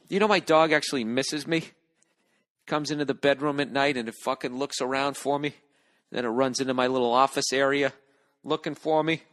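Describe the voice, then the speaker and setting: A man's voice: medium pitch, fairly even intonation, brisk, a bit bright. A man in his forties hosting a solo podcast from home, rambling and ranting in a profane, sardonic way. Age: 40s. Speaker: podcast host. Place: lying down at home.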